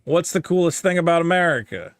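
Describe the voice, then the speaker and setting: Man with a high voice, profane comedic rant, podcast co-host, dry close mic. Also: a little fast, dry recording. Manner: animated, profane, mock-quoting others.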